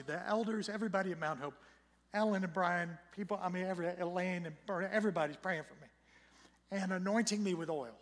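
Slightly hoarse man preaching in a reverberant church. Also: high-pitched. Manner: conversational, storytelling preacher who swells loud for scripture. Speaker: pastor. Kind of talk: sermon. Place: church sanctuary. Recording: long church hall reverb.

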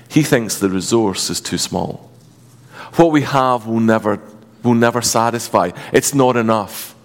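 A man preaching a sermon as a pastor, reading scripture, praying, then telling the story in a lively, joking way with big rises in pitch. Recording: long hall reverb.

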